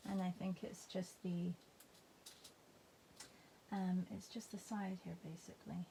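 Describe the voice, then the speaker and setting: A woman's voice: fairly low pitch, level tone, unhurried, vocal fry, dark tone, a little hiss or hum. A woman teaching a live painting class, chatting and thinking aloud as she paints. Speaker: art teacher. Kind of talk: live painting demo, casual commentary.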